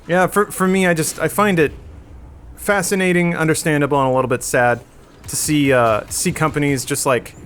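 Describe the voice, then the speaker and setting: A man's voice: a little high, steady tone, moderate pace, fairly bright tone, slight background noise. A man in his thirties hosting a casual gaming podcast, talking in a loose, rambling way with lots of fillers. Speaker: podcast host.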